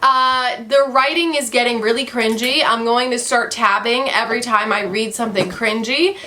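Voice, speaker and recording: A woman's voice: on the high side, moderate pace, bright, forceful tone. A young woman vlogging from home in a rambling, sarcastic way, full of fillers, as she reviews a book. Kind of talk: casual book review rant. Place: at home with her dog.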